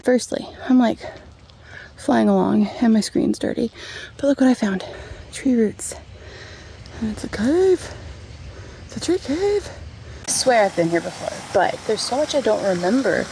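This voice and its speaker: Woman vlogging on a hike, candid and laughy, bit of fry, faint hiss behind. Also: mid-range voice, dark tone. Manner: candid, chatty, laughs often. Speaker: vlogger hiking a long-distance trail. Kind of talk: casual vlog chat. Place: outdoors on a walking trail.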